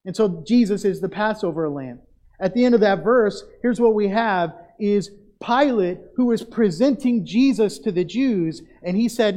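Casting note: high-pitched male pastor, emphatic pulpit delivery, speaks straight to his congregation. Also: animated, dark tone. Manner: emphatic preaching with drawn-out stressed phrases; direct address to the congregation. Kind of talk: sermon.

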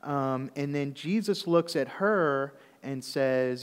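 Conversational preacher in a reverberant hall. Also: male voice, mid-range voice, slow pace, smooth. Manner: conversational preaching with frequent "okay?" check-ins. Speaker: pastor. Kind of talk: sermon.

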